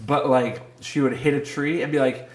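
A man's voice: mid-range voice, fairly even intonation, normal speed, slight background noise. Chatty man telling a rambling story. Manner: rambling storyteller, laughs often. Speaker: podcast co-host. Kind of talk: casual banter. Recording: roomy echo.

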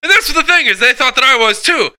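A man's voice: extremely high pitch, animated, fast talker, sharp tone, heavily acted. A man playing a wired, foul-mouthed Santa Claus who rambles and stammers in an improvised comedy sketch. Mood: manic. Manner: rambling, swearing, stammering, hyper.

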